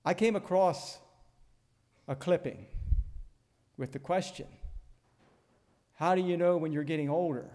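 An older man preaching a sermon in a measured, earnest way, pausing deliberately and reading scripture aloud. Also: a little high, dark tone, big-room sound.

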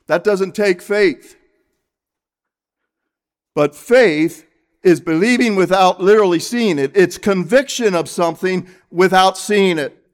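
At an evening church sermon, a high-voiced man preaches at a measured pace. He reads scripture and frequently turns to the congregation with earnest questions.

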